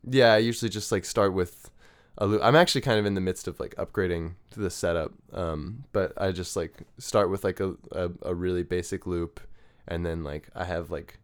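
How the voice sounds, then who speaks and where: A young man with a very deep, smooth, clear voice, talking as a guest on a podcast. He rambles loosely, fills his sentences with "like" and restarts, and chuckles between thoughts. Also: steady tone, moderate pace. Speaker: guest musician. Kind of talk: casual podcast interview.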